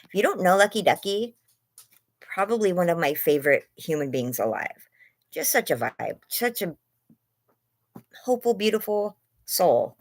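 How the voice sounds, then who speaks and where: Lying in bed at home, a livestream host rambles on her phone and gushes hellos to viewers by name. Her mid-range voice is sing-song and a little slow with long pauses, and it's wearing out as she mentions losing her voice and aching lungs.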